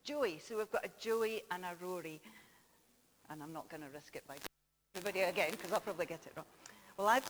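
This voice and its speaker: A woman giving a chatty children's talk in church, gently teasing the kids and telling a story while projecting her voice without a microphone. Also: lowish voice, fast, pauses often, slight background noise. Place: large church. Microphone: faulty microphone, then no mic, projecting her voice. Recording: echoey church with long reverb.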